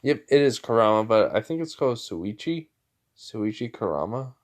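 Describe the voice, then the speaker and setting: A man's voice: fairly low pitch, very animated, normal speed. A young man improvising a fan story, rambling with many fillers and self-corrections.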